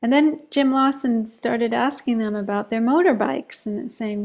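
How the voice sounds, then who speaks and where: A woman meditation teacher speaking in a calm, measured way, telling a story during a reflective discussion on meditation. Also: a little high.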